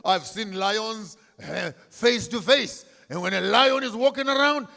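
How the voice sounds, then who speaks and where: A man delivers a fiery public speech, repeating key lines and swinging between near-whispers and shouts. His voice sits high and rings bright and forceful. The sound carries the long reverb of a large hall. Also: a little slow, creaky. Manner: declamatory, repetitive emphasis, swinging from hushed to shouted. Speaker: speaker at a commemorative event.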